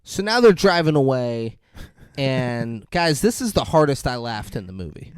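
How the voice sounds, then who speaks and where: A man's voice: mid-range voice, moderate pace, clear, resonant tone, no echo, studio quality. A man co-hosting a podcast, casually reviewing a film and acting out its scenes in quoted voices. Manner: animated storyteller, acts out scenes in quoted voices. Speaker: podcast co-host.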